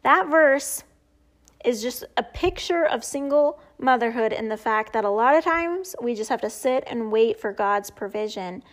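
A woman hosting a podcast, giving an earnest, heartfelt personal faith testimony and closing in prayer. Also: a little high. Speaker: podcast host.

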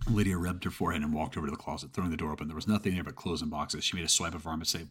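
A man narrating a scripted horror story in a steady storytelling manner, with some casual swearing. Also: a bass voice, very fast, few pauses, breathy edge.

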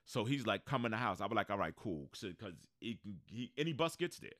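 A podcast co-host with a fairly low voice tells a long story in a brisk, animated way, acting out the people in it. The recording is dry and studio quality, and the feel is casual storytelling chat.

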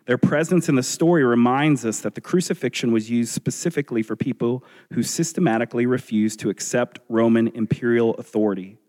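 A man preaching a sermon as a pastor, earnest and measured, asking his listeners rhetorical questions. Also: medium pitch, a little mellow. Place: church sanctuary. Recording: long reverb of a large hall.

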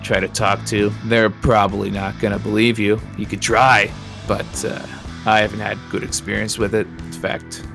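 A man's voice: on the low side, flat delivery, moderate pace, vocal fry, fairly bright tone, faint music behind. A man narrating as game master of a tabletop role-playing game, casual and laughing. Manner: casual, laughing, lots of fillers.

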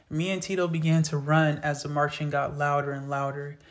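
A man's voice: on the high side, little pitch movement, fairly quick. A man reading his own novel aloud in an earnest, plain storytelling voice. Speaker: author reading his book. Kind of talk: storytelling narration.

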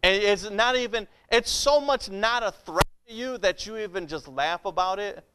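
High-voiced man preaching a sermon. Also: moderate pace, noisy background. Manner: conversational preaching with repeated calls of "Amen?" to the congregation. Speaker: pastor.

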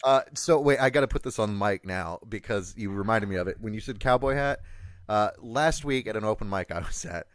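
Animated crude-joking young man. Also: on the low side, brisk, dry recording. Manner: crude, jokey, animated storytelling with put-on voices. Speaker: podcast co-host. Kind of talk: casual banter.

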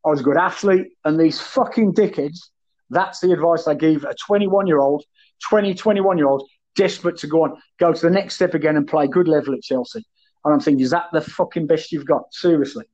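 A man's voice: a little high, a little fast. A middle-aged man, a former footballer, telling blunt, sweary stories in casual podcast chat. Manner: blunt, sweary, animated storytelling. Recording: muffled lo-fi audio.

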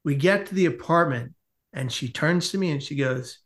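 A man's voice: fairly high pitch, normal speed, fairly bright tone. A man, a podcast guest, telling a long comic story in casual conversation and acting out the quotes as he goes.

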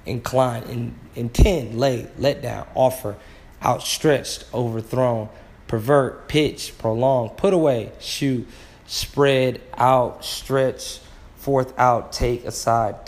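A man, slowly working through a Bible word study, sounding out words and marveling with frequent exclamations. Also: mid-range voice, fairly even intonation.

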